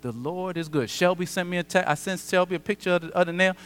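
A man pastor preaching a sermon, conversational and animated with dramatic pauses. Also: sits high, clean tone. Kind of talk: sermon with personal storytelling. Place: church sanctuary. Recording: long church hall reverb.

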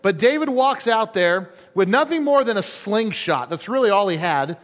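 A man preaching a sermon as pastor, telling a story with lively shifts between quick and slow emphasis. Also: high-pitched. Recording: echoey hall.

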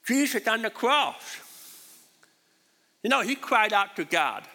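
A man's voice: extremely high pitch, a little slow. A man preaching a sermon as pastor, repeating his points with emphasis in a church hall. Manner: repetitive, emphatic, animated. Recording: reverberant hall.

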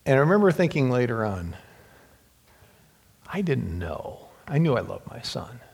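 Middle-aged male preacher, gravelly voice, halting heartfelt testimony, long hall reverb. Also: mid-range voice, big pitch swings, a little mellow. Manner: halting, heartfelt storytelling with repeated words; drops to whispers on tender lines. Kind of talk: personal testimony sermon.

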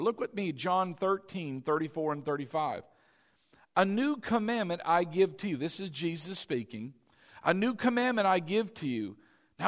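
Male pastor, high voice, sermon delivery, repetitive and interactive. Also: long reverb tail. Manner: repeats key phrases, calls on congregation to respond; shifts between slow emphatic lines and quick asides.

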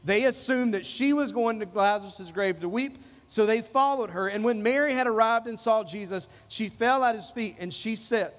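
A man's voice: high-pitched, normal speed, hardly any pauses, fairly bright tone, long reverb tail. A man preaching a sermon as pastor, repeating phrases and acting out the people in the passage. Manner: preaching with repetition, acting out quoted voices.

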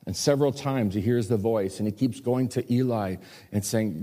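A man preaching a sermon as pastor, telling stories with lively acted-out quotes. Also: fairly low pitch, brisk. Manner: animated storytelling with acted quotes. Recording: long hall reverb.

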